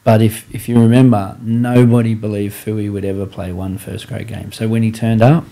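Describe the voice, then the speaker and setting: A man hosting a podcast interview, calmly recounting a player's story. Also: lowish voice, normal speed, creaky. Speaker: podcast host. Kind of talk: casual interview chat.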